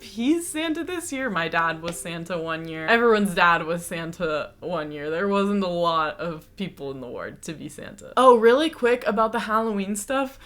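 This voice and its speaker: A woman's voice: on the low side, a bit bright. Chatty young American woman commenting. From United States. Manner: chatty, explanatory, lightly sarcastic. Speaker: reaction video host. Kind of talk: casual commentary.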